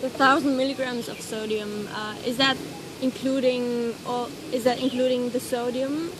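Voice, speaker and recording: A woman's voice: on the high side, little pitch movement, normal speed. Hesitant woman asking questions, noisy outdoors. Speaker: audience member asking questions. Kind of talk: casual questions.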